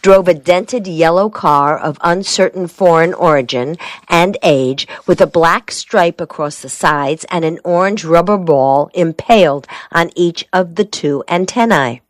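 A woman reading a story aloud in a steady, wry narrating manner. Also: on the low side, a little slow, dry recording. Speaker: audiobook narrator. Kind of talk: scripted narration.

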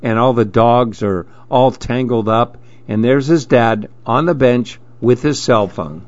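Man, storybook reader, slow gentle delivery, dry close sound. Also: medium pitch, no room sound, highs cut off. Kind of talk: reading children's picture books aloud.

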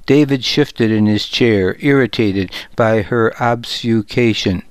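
A man narrating a story in the first person, calm and measured. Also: lowish voice, clean tone, no echo. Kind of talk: audiobook narration.

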